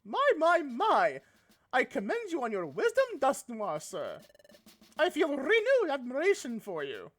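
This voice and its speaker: A woman's voice: fairly high pitch, sing-song, normal speed, hardly any pauses. A woman voicing an eager young game hero who praises earnestly and effusively. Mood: admiring.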